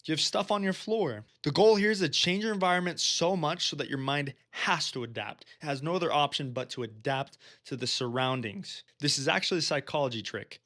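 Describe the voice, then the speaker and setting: A man's voice: fairly high pitch, fairly quick, few pauses, a bit bright. A man speaking earnestly and directly to his viewers, sharing a personal testimony and urging them on like a preacher. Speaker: faith-based self-help video host.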